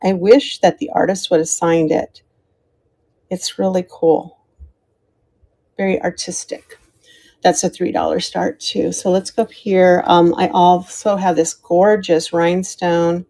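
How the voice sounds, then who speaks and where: A woman's voice: lowish voice, level tone, unhurried, mellow. An American woman hosting a live jewelry sale, chatting casually as she shows pieces, calls out starting prices and thanks viewers by name. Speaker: live-stream jewelry seller. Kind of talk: live auction stream chat.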